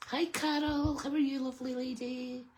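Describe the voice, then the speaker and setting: A woman's voice: sits high, level tone, normal speed, darkish tone, a little hiss or hum. A Scottish woman hosting a live crafting stream, chatting casually and greeting viewers by name as she works. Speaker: crafting channel host.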